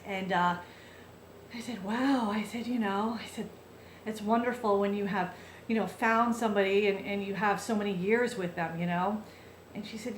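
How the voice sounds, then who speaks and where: A woman's voice: mid-range voice, steady tone, moderate pace, echoey room, slight background noise. A woman vlogger telling a heartfelt personal story in a chatty, casual way, full of fillers and restarts.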